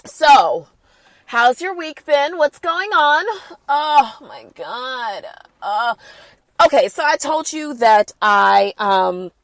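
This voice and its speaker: A woman hosting a casual podcast, sassy and animated, talking while she has a cold. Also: sits high, slow pace, no room sound. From the Bronx. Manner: sassy, animated, playful asides. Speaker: podcast host. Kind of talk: casual chat.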